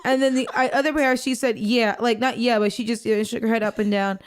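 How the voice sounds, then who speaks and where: Bright-voiced young woman telling a story. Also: on the high side, brisk, clean tone. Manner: chatty, animated, acts out voices in anecdotes. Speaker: podcast co-host. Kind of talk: casual chat, storytelling.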